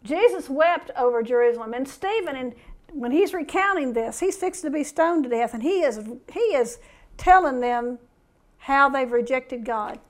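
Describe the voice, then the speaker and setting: High-voiced woman preaching a sermon. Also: lively intonation, a little slow. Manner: conversational, asks the listeners questions. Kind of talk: sermon with scripture reading.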